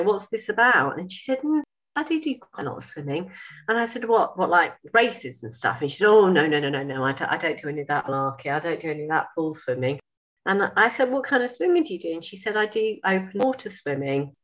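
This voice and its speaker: A woman in her fifties, a sewing school owner, telling a story in a lively way, acting out dialogue and laughing. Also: on the low side, fast, highs cut off. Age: 50s. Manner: animated, laughing, acts out dialogue. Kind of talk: casual storytelling.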